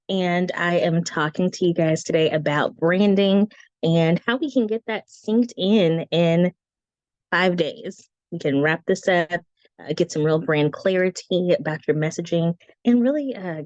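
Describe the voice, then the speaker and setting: A woman with a squeaky, slightly low voice talks through branding tips in a chatty, animated way, tossing in breezy asides. Her voice comes through a dry, muffled video call. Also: no room sound. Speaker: branding guest teacher. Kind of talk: casual teaching talk. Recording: dry, dull lo-fi call audio.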